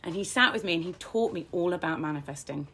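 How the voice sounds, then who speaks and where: A woman telling her personal story as an interview guest, frank and self-deprecating, her pace swinging between slow and quick. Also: fairly low pitch, pushed and bright, breathy edge.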